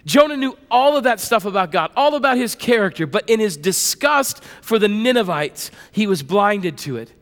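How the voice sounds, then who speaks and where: Male pastor, 30s, high pitched, lively storyteller, reverberant hall. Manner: conversational, animated storytelling with repetitions. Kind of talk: sermon.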